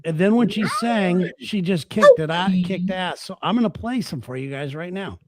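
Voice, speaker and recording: Male talk host, high-ish voice, dry close sound, chatty storyteller. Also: animated, normal speed, darkish tone, no echo. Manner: storytelling, laughs while talking. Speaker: radio show host. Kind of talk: casual chat.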